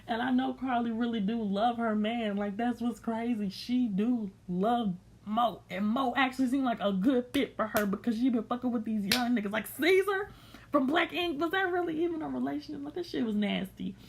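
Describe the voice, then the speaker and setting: A woman's voice: on the high side, normal speed, a little hiss or hum. A young woman recapping a reality show in blunt, slangy, sassy chat, unscripted.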